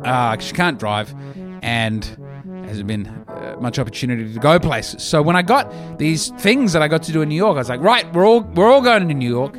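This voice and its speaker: A man talks through a comic podcast monologue, poking fun at himself as he goes. His voice sits a touch high and swings widely up and down. Music plays clearly underneath him. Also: moderate pace. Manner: animated, self-mocking, jokey. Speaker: podcast host and comedian. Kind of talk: casual comedic monologue.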